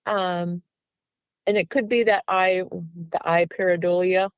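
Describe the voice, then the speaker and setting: The audio is poor, though clean in tone with no room sound. Her fairly low voice stays fairly even at a measured pace as this guest researcher chattily recounts a story in an interview, playing out the dialogue and peppering it with "um" and "like."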